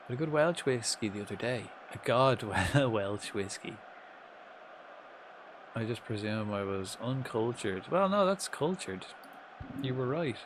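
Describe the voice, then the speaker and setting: A young man streams a football management game, giving casual live commentary in a fairly low, fairly bright voice with a bit of hiss or hum on the audio. He mutters to himself, swears, and chats loosely with his viewers.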